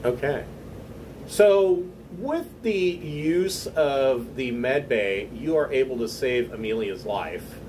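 A man's voice: mid-range voice, expressive, takes it slowly, darkish tone, recorded from a distance, a little hiss or hum, low-quality recording. A man narrating a tabletop game as game master, hesitant, with many fillers and restarts.

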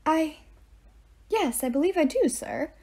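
A woman's voice: sits high, expressive, dark tone, pitched above the performer's own voice. A woman reading aloud, voicing a stiff, dazed older female teacher who talks in a demanding or dreamy way. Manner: demanding, then dreamy and slow.

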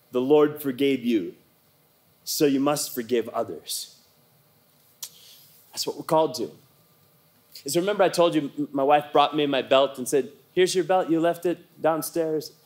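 A man's voice: mid-range voice, darkish tone. A middle-aged man preaching a sermon as a pastor, telling a story in a conversational way and leading the congregation in repeated declarations.

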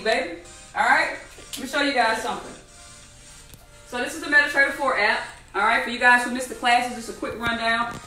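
Animated woman teaching a trading class. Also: on the high side, echoey room, far from the mic, poor audio. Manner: animated, repetitive, rhetorical questions. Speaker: trading instructor. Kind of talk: live online class.

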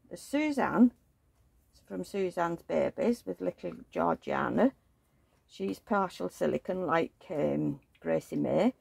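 A woman talks to the camera while tending a reborn doll, her voice gravelly with a husky edge. She coos and baby-talks, then slips into gossipy stories, close to a dry, dead-sounding mic. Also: fairly low pitch, darkish tone, no echo. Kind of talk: casual chat while dressing a doll.

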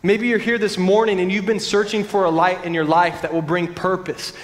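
A pastor preaching a sermon in an earnest, conversational way with frequent restarts. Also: male voice, sits high, flat delivery, a little fast. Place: large church sanctuary. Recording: long church-hall reverb.

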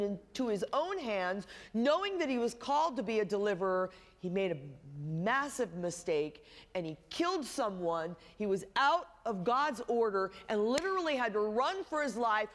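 Woman pastor: animated, up-and-down sermon delivery with wry humour. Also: a little high, big-room sound. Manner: storytelling with humorous asides.

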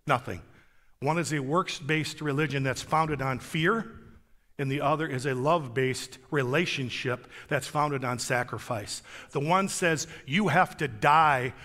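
A man's voice: medium pitch, measured pace, a bit bright, in a large hall. A man preaching as a guest pastor, telling a story in an emphatic, conversational way on a church stage. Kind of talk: sermon.

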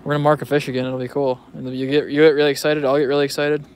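A man's voice: on the high side, little pitch movement, rapid-fire, slight background noise. A young man vlogging in a casual, joking, rambling way who swears freely. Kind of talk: casual rambling vlog commentary.

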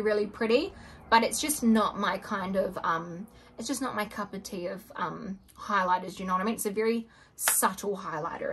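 A woman's voice: fairly high pitch, slight background noise. A young woman chatting casually as she unboxes makeup, gushing and gasping, sometimes dropping to a whisper. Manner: gushing, excitable, frequent gasps and soft whispers. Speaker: beauty vlogger.

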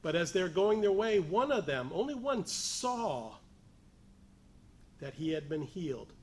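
A man preaching a sermon, building from measured explanation to emphatic, raised appeals. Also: high voice, sing-song, a little mellow. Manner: rising to emphatic, raised voice on key points; pleading as he voices the lepers' cry.

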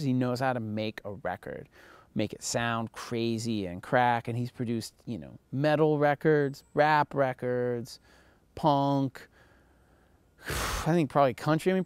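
A man's voice: medium pitch, creaky, darkish tone, no room sound. A man giving a casual recorded lecture as a college instructor, loose and profane, with lots of fillers.

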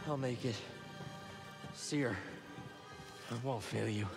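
A man's voice: medium pitch, slow pace, vocal fry. An actor playing a young male Jedi fugitive in a video game. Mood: grieving. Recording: game audio with loud music.

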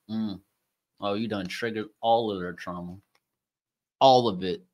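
A man's voice: on the low side, normal speed, no room sound. A man doing a casual tarot reading by zodiac sign, talking in a slangy, profane, joking way. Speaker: tarot reader.

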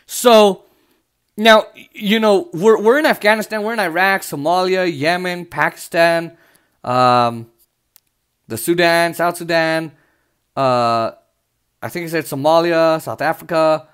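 A man's voice: fairly high pitch, measured pace, fairly bright tone, clean tone. A man from the United States giving heated, sarcastic political commentary, swearing often as he rants.

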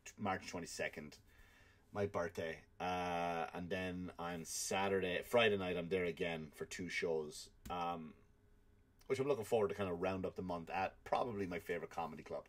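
A man with an Irish accent, a comedian hosting a podcast, telling stories in an animated, swear-filled rant. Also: low-pitched, normal speed. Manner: animated storytelling with frequent swearing. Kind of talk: ranting comedic monologue.

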